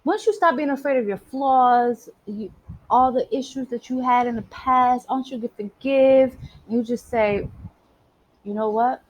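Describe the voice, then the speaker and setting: A woman's voice: a little high, a little slow, poor audio. A woman giving a casual spiritual monologue, emphatic and streetwise, swearing freely. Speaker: spiritual vlogger.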